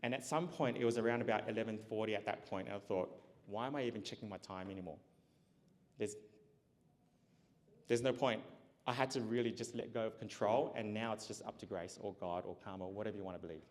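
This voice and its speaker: A man giving a motivational keynote, telling a personal story with lively acted-out dialogue and frequent laughs. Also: on the low side, fast. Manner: animated, acts out dialogue, laughs often. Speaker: keynote speaker. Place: large event hall. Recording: long hall reverb.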